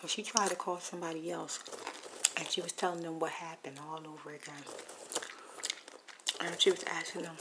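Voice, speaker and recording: A woman's voice: deep voice, little pitch movement, normal speed, long pauses. Woman ASMR storyteller, gossipy whisper-ramble, close mic, noisy popcorn chewing. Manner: rambling, gossipy, shifting between whisper and soft speech.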